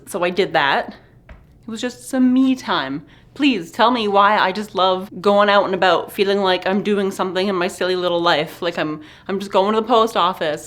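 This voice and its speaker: A young woman vlogging candidly about feeling lonely, talking in a soft, halting way and a little teary, with nervous laughs. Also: mid-range voice. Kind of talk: candid personal vlog.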